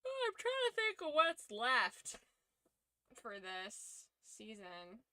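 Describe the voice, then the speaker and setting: A woman's voice: on the high side, huge pitch swings, slow, pushed and bright. A tired woman streamer chatting casually on a livestream, rambling and swearing freely.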